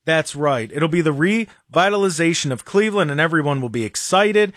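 A man with a fairly high voice that swings up and down as he talks. He is sarcastic and animated in casual chat, and his sound is close and dry. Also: brisk, no echo.

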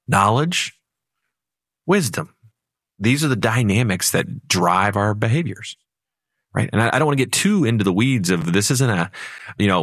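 A male financial advisor on talk radio, chatting and telling stories in a somewhat low voice. The sound is close and dry. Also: fairly bright tone, no echo. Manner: storytelling and conversational, with sudden speed-ups.

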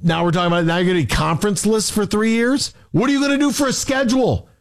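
A man's voice: high-pitched, fast talker. A man hosting a sports radio show, ranting in a worked-up way with rhetorical questions. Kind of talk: sports talk rant.

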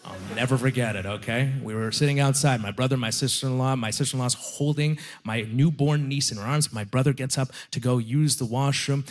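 A man performing a stand-up comedy set, telling stories with animated, self-deprecating punchlines. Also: mid-range voice. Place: comedy venue with live audience.

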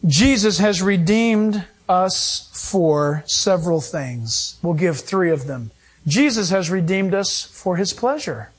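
A middle-aged male pastor preaching a sermon, emphatic and animated, acting out quoted voices. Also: high voice, slow, husky.

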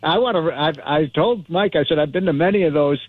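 A man speaking as a guest on talk radio, animated and rambling, with frequent restarts. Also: on the high side, brisk, no room sound. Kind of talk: talk radio interview by phone. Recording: tinny dry phone line.

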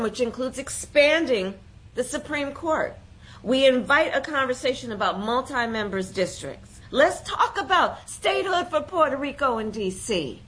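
A woman's voice: high voice, a bit bright, husky, rough recording. A woman giving an insistent political speech, listing what her side must do. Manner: insistent, list-like. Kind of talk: rallying speech clip.

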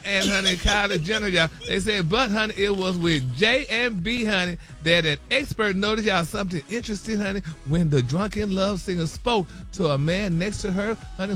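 High bright-voiced older man gossiping. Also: animated, normal speed, faint music behind. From Southeast Texas. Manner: calls everyone honey and baby, dramatic and churchy. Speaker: co-host reading celebrity gossip. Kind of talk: casual gossip talk show banter.

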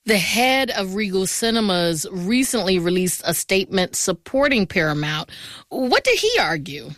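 A woman radio news host giving crisp, composed anchor introductions and questions in a studio. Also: medium pitch, very animated, normal speed, fairly bright tone, dry recording.

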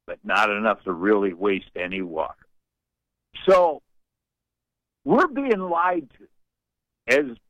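An older man calling in to a radio show, talking in a folksy, rambling, wry way and clearing his throat from allergies. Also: mid-range voice, fairly bright tone, no room sound, muffled recording. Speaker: radio caller. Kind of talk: call-in radio chat.

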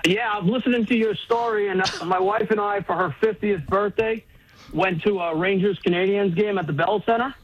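A man's voice: high voice, a little fast. A man in his fifties calling into a radio show and telling an easygoing story. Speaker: caller. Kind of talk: telling an anecdote on air. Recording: dull, dry phone line.

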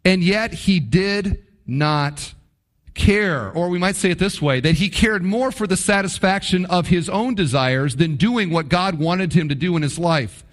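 A man preaching a sermon, addressing his congregation with rhetorical questions and stretching key words for emphasis. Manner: emphatic, swings between low drawn-out stresses and quick asides. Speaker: pastor.

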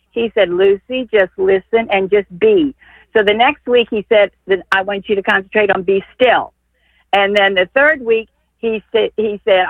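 A woman phones in to a radio show from Texas and tells her story in an excited, emotional rush, full of restarts. Her voice comes through a thin, phone-like line. There is no room sound at all. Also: a little high, no room sound. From San Antonio, Texas. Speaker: caller. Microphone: telephone. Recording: tinny phone line, dry.

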